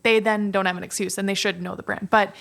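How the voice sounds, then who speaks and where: A woman guest on a podcast who runs her own business. She talks casually and meanders, leaning on fillers as she thinks aloud. Her voice sits at an ordinary middle pitch for a woman. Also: flat delivery, fast, vocal fry, a bit bright. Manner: rambling, many fillers like "like" and "you know". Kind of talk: casual chat.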